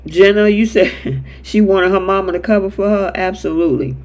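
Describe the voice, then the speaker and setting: A man's voice: sits high, moderate pace, a little mellow. A man hosting a live chat show that recaps a soap opera, reading viewer comments and acting out characters' lines in quotes. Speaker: show host.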